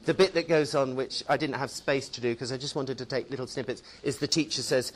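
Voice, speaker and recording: A man presenting to a room of teachers in a friendly, talkative way. His voice sits in a middle pitch, and he often checks in with his listeners. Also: fairly quick, hardly any pauses, a little hiss or hum. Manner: chatty, tag questions. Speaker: teacher trainer. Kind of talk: workshop presentation.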